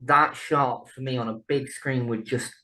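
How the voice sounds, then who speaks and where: A man's voice: medium pitch, fairly even intonation, a little slow, sharp tone, low-quality recording. A man co-hosting a casual film podcast, enthusiastic and laughing often. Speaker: podcast co-host.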